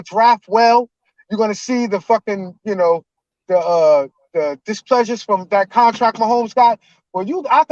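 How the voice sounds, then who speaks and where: A man in his forties calling in to a live show, ranting loudly and emotionally with heavy cursing. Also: sits high, dry recording, muffled recording. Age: 40s. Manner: loud, emotional and profane. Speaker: caller. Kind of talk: heated fan rant on a live call-in show.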